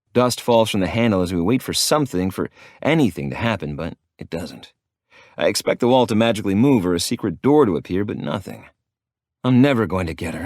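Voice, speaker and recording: A man narrates a first-person audiobook in a gruff, profane way. His voice is very low. The recording is dry and close, with no room echo. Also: a little mellow.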